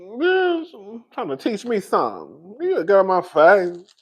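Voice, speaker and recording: A young man giving sassy, dramatic reality TV commentary, swinging between loud outbursts and calm asides. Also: high-pitched, measured pace. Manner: sassy, calls listeners girl. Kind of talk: casual reaction commentary.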